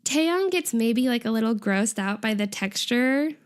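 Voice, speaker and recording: A young woman co-hosts a casual podcast, retelling an episode in an animated way, full of "like" and laughter. Her voice sits a little high, with a clear, resonant tone, and she takes her time.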